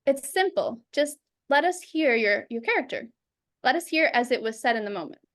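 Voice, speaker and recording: A woman teaching public speaking over a video call, lively and acting out examples in quoted voices. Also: high voice, normal speed. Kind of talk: instructional talk.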